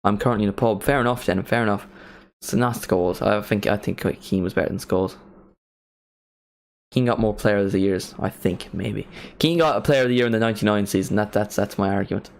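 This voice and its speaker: A young man casually commentating a live football watchalong, chatting and bursting into excited reactions. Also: fairly low pitch, brisk, vocal fry. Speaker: streamer hosting a match watchalong.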